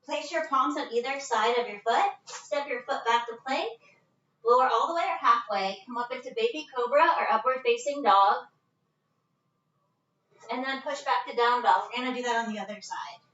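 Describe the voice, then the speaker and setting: A woman's voice: fairly high pitch, moderate pace, fairly bright tone, echoey room, distant mic, muffled recording. Breathless woman leading yoga at home. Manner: casual, chatty, breaks into laughs. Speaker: yoga instructor. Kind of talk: live-streamed yoga class instruction. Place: her living room at home. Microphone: phone set at a distance.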